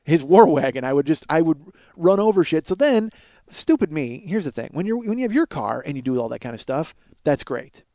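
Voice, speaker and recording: A middle-aged man hosts a comedy podcast, spinning rambling, profane, self-mocking stories and acting out the other voices. His voice sits a little higher than most men's. The sound is dry and close, with no room echo. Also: sing-song, fairly quick, warm tone. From Chicago area. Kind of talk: comic storytelling monologue.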